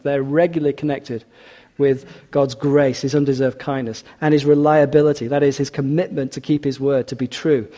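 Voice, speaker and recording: A man preaching a sermon, expressive, rising for emphasis and dropping quiet for scripture. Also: medium pitch, in a large hall.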